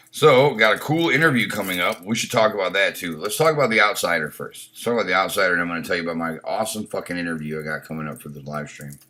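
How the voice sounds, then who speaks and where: A man with a low, pushed, bright voice runs a casual live stream. He's opinionated and blunt, curses often, reads chat comments aloud, and keeps restarting what he says.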